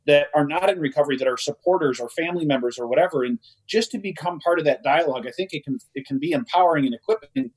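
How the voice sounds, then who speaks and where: A man's voice: a little high, expressive, quick pace, few pauses, darkish tone, slightly rough, rough recording. Rambling male co-host. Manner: rambling, many restarts and fillers. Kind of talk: casual conversation.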